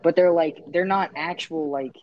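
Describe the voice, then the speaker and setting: A man's voice: a little high, steady tone, moderate pace, a crowd in the background. Young man swearing on a lo-fi call. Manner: crude, swearing, laughing often. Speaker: podcast co-host. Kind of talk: casual chat among friends.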